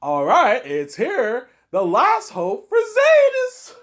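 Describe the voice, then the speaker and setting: A man putting on an excited Southern American gaming YouTuber, pitched far above a normal male voice. He stretches every word out slowly, like a hyped announcer opening a video. The delivery is loud and theatrical. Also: heavily acted. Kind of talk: comic impression.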